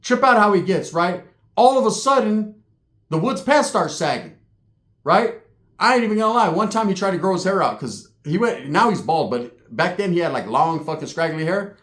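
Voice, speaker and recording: A man with a slightly high voice tells a rowdy comic story from the streets. He swears freely and keeps checking in with "right?". The sound is echoey, as if recorded in a bare room. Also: lively intonation, normal speed, a bit bright. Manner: profane, tags lines with "right?".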